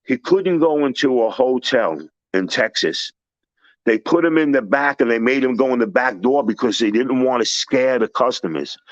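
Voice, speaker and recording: A man telling blunt, animated stories in casual talk and acting out the people he quotes. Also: mid-range voice, no echo. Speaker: storyteller host. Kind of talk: casual storytelling. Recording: dry, dull lo-fi recording.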